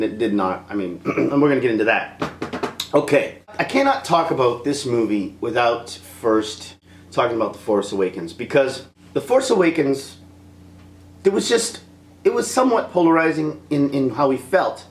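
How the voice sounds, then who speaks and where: A man's voice: mid-range voice, animated, moderate pace, echoey room. A man giving a rambling, casual film review, laughing often and slipping into impressions.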